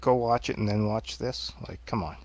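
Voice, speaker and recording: A man's voice: fairly low pitch, moderate pace, darkish tone, dry recording. A man co-hosting a casual film review chat, dropping wry, sarcastic asides. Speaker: radio show co-host.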